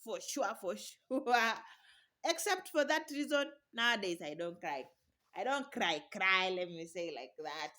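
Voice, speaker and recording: A woman's voice: medium pitch, expressive, a little slow, sharp tone. A young woman talking casually to camera in her vlog, chatty and encouraging, laughing often. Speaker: vlogger.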